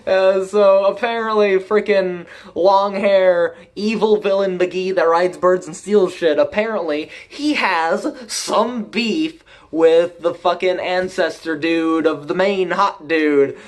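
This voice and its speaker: A man's voice: sits high, fairly even intonation, takes it slowly, few pauses. A man giving a rambling, profane, casual recap and review of an anime episode, laughing often.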